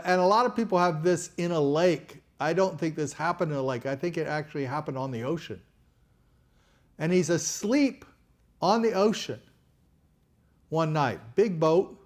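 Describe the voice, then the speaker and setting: A man preaching a sermon to a congregation in an earnest, folksy way, often repeating words as he goes. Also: high-pitched.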